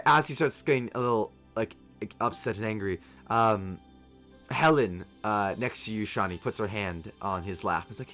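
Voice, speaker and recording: A man's voice: fairly low pitch, normal speed, faint music behind. Laid-back male game master. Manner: relaxed narration with frequent ums. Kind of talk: narrating a tabletop game.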